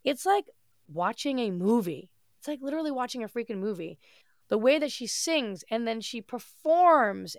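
A woman's voice: on the high side, no room sound, studio quality. A woman hosting her own podcast, talking alone in an upbeat, gushing way, her voice nasal from a stuffy head cold. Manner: upbeat, gushing, casual with mild swearing. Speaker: podcast host. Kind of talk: solo podcast monologue.

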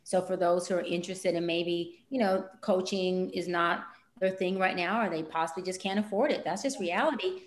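Guesting on a podcast as a life coach, a woman plays out client conversations with lively, wide-ranging jumps in her voice. She's on the low side, at a moderate pace with hardly any pauses, and the sound is roomy.

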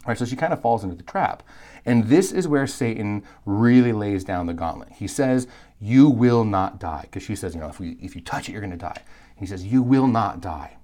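A man with a fairly low voice teaches a live Bible course. He talks in an animated, emphatic way. His delivery is conversational, full of asides and quick restarts. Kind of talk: live recorded lecture.

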